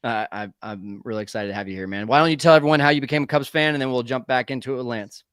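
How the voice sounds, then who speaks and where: A man's voice: medium pitch, very fast, a bit bright, smooth, no echo, clean studio sound. A man hosting a live sports talk stream, upbeat and chatty, calling his guests brother. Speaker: podcast host.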